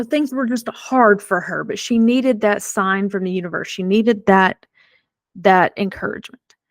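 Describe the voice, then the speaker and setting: A middle-aged woman tells a personal story in a casual, animated voice, poking fun at herself as she goes. Her pitch sits in an ordinary middle range. The sound is dry and close, with no room echo. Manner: chatty, animated, self-deprecating humor. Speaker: podcast host.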